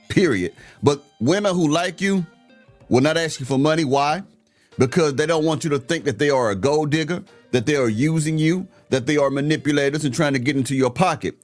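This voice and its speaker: A man giving a blunt, slangy, preachy commentary rant as the host of a show that reacts to clips. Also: fairly high pitch.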